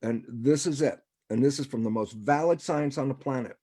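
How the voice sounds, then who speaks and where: A guest speaker on a video call explains things conversationally in a warm, mid-range voice at a moderate pace, barely pausing. He often chuckles while posing rhetorical questions to himself, repeatedly asking "why is that relevant?"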